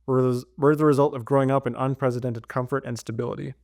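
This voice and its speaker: A nervous male science teacher who talks his way around a hard choice, evasive and defensive, as a man reads his lines from a novel. His voice sits at a middle pitch, and the recording is dry and close. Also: steady tone, fast, gravelly, darkish tone, no echo, natural voice. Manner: read aloud from a novel in his own voice. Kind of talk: reading a novel aloud.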